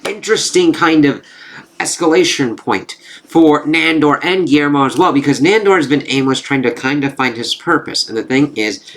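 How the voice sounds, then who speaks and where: A man's voice: a little high, normal speed, fairly bright tone. A man recapping a TV episode in a rambling, casual way, swearing freely and using lots of fillers. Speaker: TV reviewer.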